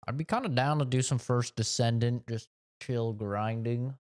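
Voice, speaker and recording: A man's voice: mid-range voice, normal speed, a little mellow. A man live streaming video games, chatting casually in a rambling, profane way. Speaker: game streamer.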